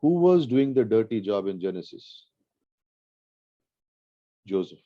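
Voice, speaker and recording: Pastor guy from india teaching bible class, kinda low voice, repeats stuff for emphasis, dull dry recording. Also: very animated, unhurried, dry recording. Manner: earnest, rhetorical questions, repeats phrases for emphasis.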